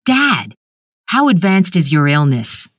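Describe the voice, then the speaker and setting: A woman's voice: low-pitched, big pitch swings, slow pace, a bit bright, no echo, studio quality, full character voice. A woman reading the lines of a shaken grown son pressing his family with urgent questions.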